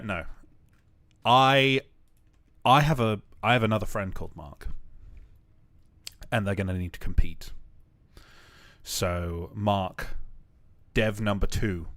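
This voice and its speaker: A young man streams his game-building in a relaxed, rambling way, joking to himself and filling gaps with ums and uhs. His voice sits low and his pace is slow and drawn out. The sound is dry and close, with no room around it. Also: dry recording. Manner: rambling, joking self-talk with many fillers. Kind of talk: casual live-stream commentary while building.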